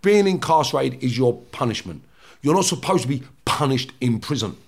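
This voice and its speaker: A man, a former prisoner, talking bluntly and swearing heavily in a casual podcast chat, loud and animated when he retells clashes. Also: medium pitch, a little fast, creaky.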